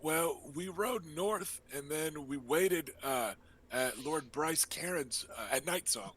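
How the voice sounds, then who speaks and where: A man's voice: on the high side, expressive, slow, fairly bright tone, husky, pitched above the performer's own voice, exaggerated voice. A man playing a cheerful teasing young lord. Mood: chatty. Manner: chatty, rambling, friendly.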